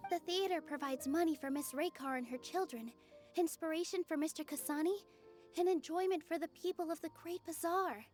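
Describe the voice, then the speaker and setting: A woman reading game dialogue aloud in an earnest, steady way. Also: very high-pitched, a little fast, soft background music.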